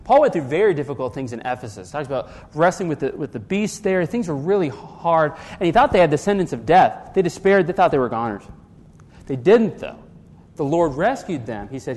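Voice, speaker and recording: A man's voice: on the high side, lively intonation, fairly quick, a little mellow, big-room sound. A man preaching a sermon as pastor, earnest, often restarting his sentences and asking rhetorical questions.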